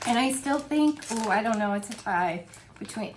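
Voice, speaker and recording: In a casual product review vlog filmed at home, a woman with a slightly high, animated voice talks at a normal speed over light background noise. She reviews wax melts, laughing often and raving about her favorite scents.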